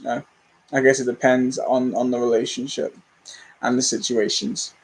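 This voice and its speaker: A man's voice: mid-range voice, little pitch movement, normal speed, breathy edge, rough recording. A young man, rambling candidly and self-deprecatingly as a movie channel host in a casual livestream chat.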